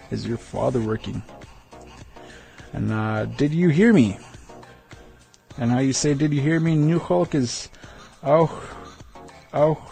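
A man hosting a radio segment, slowly teaching words of the day and repeating each one with care. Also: mid-range voice, vocal fry, a little mellow, faint music behind. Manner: slow, repeats words carefully, chuckles at himself. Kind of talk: casual language lesson on radio.

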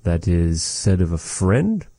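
A man teaching vocabulary in a casual lesson, repeating each word slowly with chatty asides. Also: deep voice, big pitch swings, dark tone, dry recording. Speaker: language teacher.

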